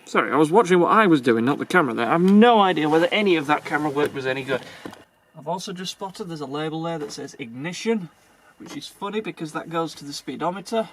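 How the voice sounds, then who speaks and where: A chatty man talks through his car repair in a casual, self-deprecating way, half muttering to himself as he fiddles with the dashboard. His voice sits a little higher than most men's. Faint background hum of a workshop. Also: lively intonation, fast talker, a bit bright. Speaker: car restorer. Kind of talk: casual narration while working on a car.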